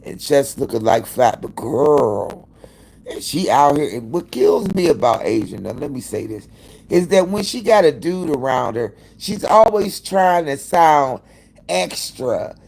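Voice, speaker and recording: A man hosting a live stream, dishing gossip with plenty of cursing and theatrical flair. His voice sits fairly high and swings widely, slow and drawn out with a gravelly fry. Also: big pitch swings, a little mellow. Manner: profane, dramatic, gossiping. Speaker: livestream host. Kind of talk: casual live-stream chat.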